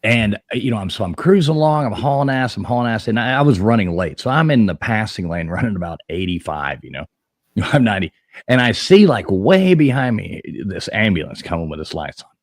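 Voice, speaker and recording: A man's voice: lowish voice, sing-song, brisk, dry recording, clean studio sound. A man co-hosting a casual podcast, telling a long rambling story, swearing freely and laughing as he goes.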